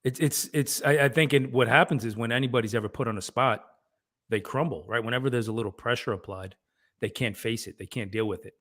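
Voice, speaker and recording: A man's voice: medium pitch, fairly quick, fairly bright tone. A man co-hosting a fatherhood podcast, making his points emphatically in casual talk, swearing and asking "right?". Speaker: podcast co-host.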